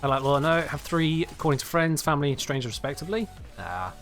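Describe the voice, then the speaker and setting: A man's voice: fairly high pitch, animated, fast talker, fairly bright tone, soft background music. A British man chatting casually on a live game stream, rambling and reading chat aloud.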